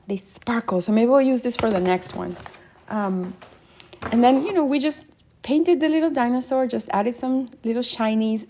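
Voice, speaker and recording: A woman's voice: mid-range voice, darkish tone. A woman hosting a live painting stream, chatting casually and playfully with viewers and giggling often while she paints.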